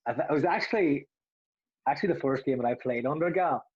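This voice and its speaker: Brief: ex-footballer, young adult, husky voice, rambling and laughing, dry lo-fi sound. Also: male voice, fairly high pitch, fast talker, no room sound. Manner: rambling, laughs often, restarts. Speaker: former footballer, podcast co-host. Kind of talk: casual storytelling.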